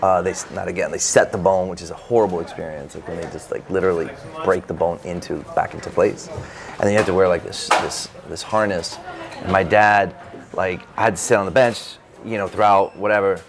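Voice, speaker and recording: A man with a fairly low voice tells a personal story to an interviewer at a bookstore event. He is animated and loose, stacking "like" fillers as he goes. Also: brisk, gravelly, a crowd in the background. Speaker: author. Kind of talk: casual anecdote in an interview.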